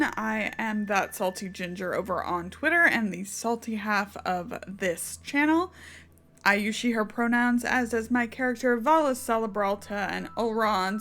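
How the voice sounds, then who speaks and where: A woman's voice: medium pitch, fairly bright tone. A woman player and co-host introducing herself in casual chat, dry and joking.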